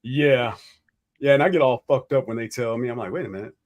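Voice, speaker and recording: A man's voice: medium pitch, fairly even intonation, fairly quick, highs cut off. A man in his forties from the United States, hosting a casual podcast chat, rambling and profane and laughing often. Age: 40s. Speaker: podcast host.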